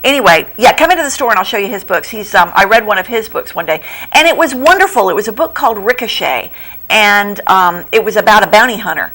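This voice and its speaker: Brief: middle-aged woman, bookstore owner on local TV, chatty and animated storyteller, mid-range voice. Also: fast, rough recording. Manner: chatty, animated storyteller who laughs often; acts out quoted lines in a higher voice. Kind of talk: casual TV interview chat. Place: local TV studio.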